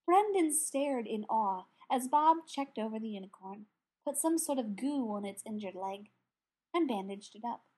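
A woman narrating a fantasy story in an even storytelling manner. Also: on the high side, moderate pace, breathy edge. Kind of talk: audiobook narration.

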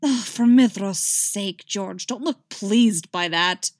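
A woman's voice: medium pitch, normal speed, dry recording, clean studio sound, close to an everyday voice. A woman voicing an exasperated male king who scolds in a clipped, stern way. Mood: angry.

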